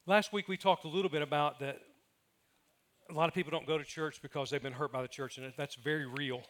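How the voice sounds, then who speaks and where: Bright-voiced male pastor preaching. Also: on the high side, steady tone, a little fast. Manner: humorous storytelling with acted quotes. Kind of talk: sermon.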